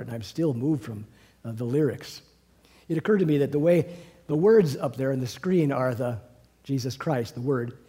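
A man's voice: mid-range voice, dark tone, husky. A man preaching a sermon in a church, earnest and rambling, with restarts, often building to fervent emphasis. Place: church sanctuary.

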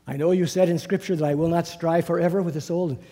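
A man's voice: fairly high pitch, steady tone, quick pace, dark tone. A man preaching a sermon in a church, earnest and rambling, with restarts, often building to fervent emphasis. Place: church sanctuary.

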